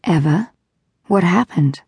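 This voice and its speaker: A woman voicing a kind, graceful female robot caretaker with a gentle, measured, faintly formal manner. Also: on the low side, lively intonation, husky, no echo, studio quality, exaggerated voice. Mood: gentle concern.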